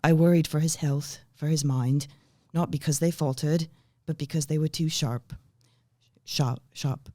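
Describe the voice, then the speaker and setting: A man's voice: a little high, fairly even intonation, unhurried, warm tone, no room sound, clean studio sound, natural voice. A man voicing a kind, genteel lady of the house in her thirties, in a put-on British accent, with prim, airy delivery. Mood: musing.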